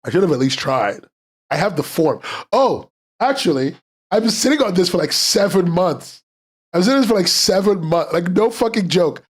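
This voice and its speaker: Excitable, foul-mouthed male stream host. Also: high voice, moderate pace, slightly rough. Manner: excitable, profane and rambling, reacting to chat. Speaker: podcast host streaming live. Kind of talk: casual livestream chat.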